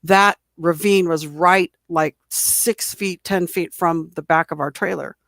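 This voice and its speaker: A woman's voice: on the low side, steady tone, measured pace, gravelly, fairly bright tone, no echo. A middle-aged woman recounting a camping story in a chatty, rambling way, her voice coming through a computer mic on a video call. The sound is dry and close, with no room around it. She circles back and restarts often as she talks. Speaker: guest telling an encounter story.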